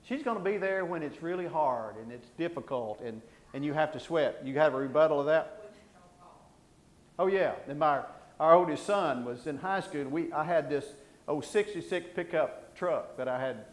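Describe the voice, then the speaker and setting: A middle-aged preacher spins a homespun sermon in a rambling, self-mocking way. His man's voice sits a little high. The sound rings with the echo of a large room. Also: expressive, normal speed. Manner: folksy, rambling, self-deprecating humor. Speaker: pastor. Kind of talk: sermon with personal storytelling. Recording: roomy echo.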